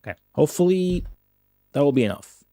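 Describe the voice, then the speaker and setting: A young man streaming a strategy game, talking to viewers in excitable commentary full of swearing. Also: fairly high pitch, brisk, no echo, clean studio sound. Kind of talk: casual gameplay commentary.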